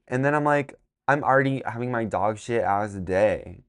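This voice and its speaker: A man's voice: mid-range voice, animated, normal speed. A young man telling a storytime vlog in a rambling, exasperated way, swearing as he goes. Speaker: vlogger.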